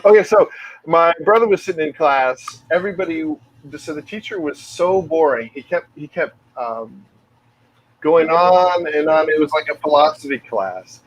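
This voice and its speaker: A man's voice: a little high, moderate pace, lo-fi sound. A middle-aged man co-hosting a podcast, telling rambling, laughing anecdotes in casual chat. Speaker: podcast co-host.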